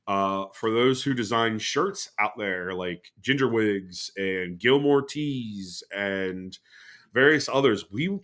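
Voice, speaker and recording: A man's voice: mid-range voice, fairly bright tone. A man hosting a podcast in loose, rambling casual chat, swearing freely. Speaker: podcast host.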